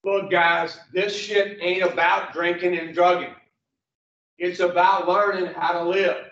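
A man's voice: sits high, level tone, unhurried, fairly bright tone. A man teaching a recovery program class in a blunt, profane, joking way, telling folksy stories. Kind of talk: folksy storytelling lesson. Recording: distant, roomy, muffled.

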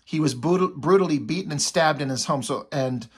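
Husky-voiced man rambling about comics. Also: fairly high pitch, fairly quick. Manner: rambling, filler-heavy. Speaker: comic book reviewer. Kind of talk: casual comic recap.

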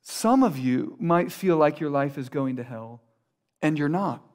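High-voiced male pastor preaching earnestly. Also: lively intonation, a little slow. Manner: earnest, building repetition with sudden quiet drops. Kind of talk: sermon.

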